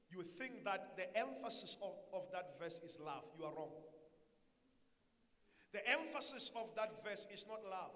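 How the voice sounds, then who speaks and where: Pastor guy preaching loud and bright, high voice, big echoey church hall. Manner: emphatic preaching with call-and-response to the congregation. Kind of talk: sermon.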